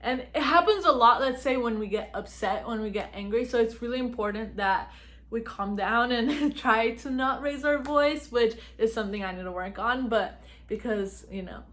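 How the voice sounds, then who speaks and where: A young woman vlogging at home, giving chatty advice to the camera, laughing often and talking fast. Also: on the high side, fairly bright tone. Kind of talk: casual talk to camera.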